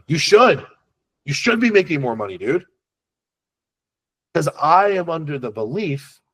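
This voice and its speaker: A man's voice: mid-range voice, fairly bright tone. A man teaching as a sales coach in an unscripted masterclass, talking in a blunt, profane, conversational way that rambles, restarts often and keeps tagging on questions.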